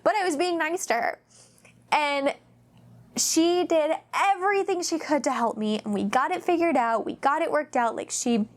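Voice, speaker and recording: A woman's voice: high-pitched, moderate pace. A woman hosting a casual faith-based vlog, telling stories in a chatty, rambling way with lots of fillers and acting out the voices she quotes. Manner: animated, acts out quoted voices. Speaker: mom vlogger, host.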